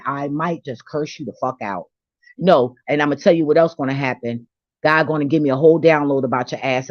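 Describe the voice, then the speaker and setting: A woman's voice: low-pitched, no echo, muffled recording. A woman delivering a blunt, profane, preachy rant on faith, confrontational and unfiltered, to her own channel. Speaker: vlogger. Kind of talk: ranting spiritual monologue.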